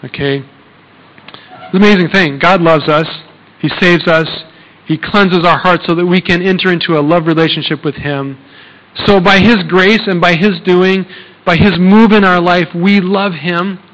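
Higher-voiced male pastor preaching casually. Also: steady tone, measured pace, fairly bright tone, in a large hall, low-quality recording. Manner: conversational, frequent "okay?" checks and fillers. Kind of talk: sermon.

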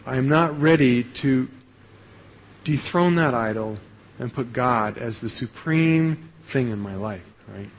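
Speaking slowly at a medium pitch, a male pastor delivers a sermon in a chatty style, frequently ending phrases with "right?" and starting sentences over. The poor audio carries a little hiss or hum.

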